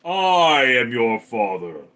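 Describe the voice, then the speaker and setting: A man putting on the deep, slow voice of a menacing male film villain. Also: big pitch swings, bright, forceful tone, exaggerated voice. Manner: slow, low and weighty delivery.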